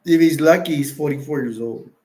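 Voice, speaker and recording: A man's voice: a little high, a little fast, a little mellow. A tired man hosting a late-night livestream, rambling casually and reading chat messages and wiki text aloud. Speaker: livestream host.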